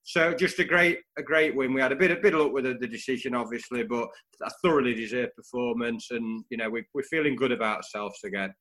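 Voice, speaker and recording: A man in a casual post-match football chat, talking in quick restarts and handing out player ratings. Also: mid-range voice, fairly even intonation, fairly bright tone. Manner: chatty, restarts often, gives player ratings. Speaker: football podcast co-host.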